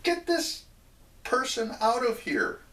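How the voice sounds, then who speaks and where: A man's voice: fairly high pitch, sing-song, moderate pace, a bit bright, voice pushed up. A man doing a startled, money-minded landlord. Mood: alarmed. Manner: exclaiming, ordering servants. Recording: roomy echo, mic at a distance.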